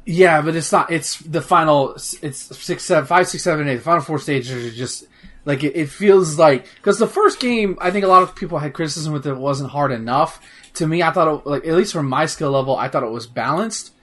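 A man's voice: on the high side, a little fast, fairly bright tone. A man in casual chat, talking about a video game in a rambling way with many fillers and restarts, swearing now and then. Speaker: podcast host reviewing a video game.

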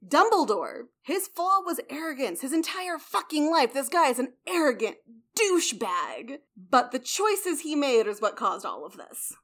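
A woman's voice: sits high, measured pace. A young adult woman hosting a casual explanatory talk, chatty, blunt and swearing now and then. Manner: chatty, swears, lively emphasis.

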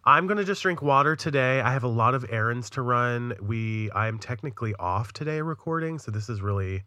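A man's voice: mid-range voice, expressive, fairly quick, bright, forceful tone, no room sound. A man co-hosting a true-crime podcast, chatting and joking casually before telling the case. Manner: chatty, jokey, reads ad copy. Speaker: podcast co-host.

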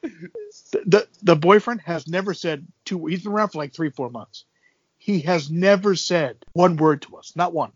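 A man's voice: on the high side, normal speed, husky, no echo, dull audio. A man telling a neighbor story in casual chat on a call, profane and wisecracking.

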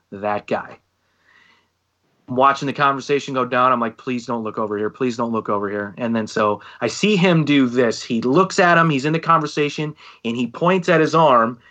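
With high frequencies cut off, the recording captures a medium-pitched man speaking at a moderate pace. He's in his thirties, a band singer and podcast co-host, who tells stories animatedly and mimics other people's lines.

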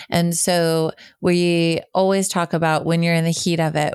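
Woman podcast cohost, low smooth voice, dry close sound, earnest and chatty. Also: no echo. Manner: earnest, explanatory, with many fillers. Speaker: podcast co-host. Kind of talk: casual educational chat.

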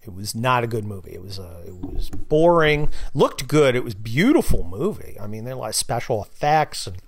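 A man hosting a casual podcast monologue, blunt and sarcastic, swearing freely and telling stories with growing excitement. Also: mid-range voice, fairly quick, husky. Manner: animated storyteller, gets louder with excitement. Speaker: podcast host and novelist.

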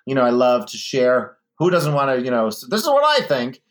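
Man, interview guest, chatty, lively storytelling, middle pitch. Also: fairly quick. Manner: chatty, animated storyteller, mimics voices in anecdotes. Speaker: guest, drag performer. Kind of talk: casual interview chat.

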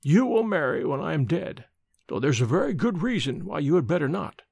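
A man voicing a cruel, dying old nobleman who speaks slowly and sinisterly in a storybook reading. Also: a little high, very animated, gravelly, darkish tone, husky, no echo, clean studio sound, full character voice. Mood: menacing. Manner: slow, sinister.

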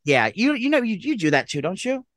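A man's voice: sits high, big pitch swings, fairly bright tone. A man co-hosting a podcast, telling gossipy stories in a casual chat. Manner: rapid-fire gossipy storytelling. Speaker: podcast co-host.

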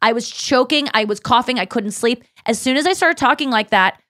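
A woman's voice: on the high side, brisk, bright, forceful tone, no echo, studio quality. A woman hosting a podcast in casual chat, rambling with lots of "like" and acting out her own thoughts. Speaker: podcast host.

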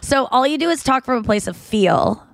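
A woman's voice: high voice, lively intonation, normal speed, creaky, no echo. A young adult woman co-hosting a podcast, telling candid, crude stories and acting out what people said. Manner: candid, crude storytelling with acted-out quotes. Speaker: podcast co-host. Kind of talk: casual chat.

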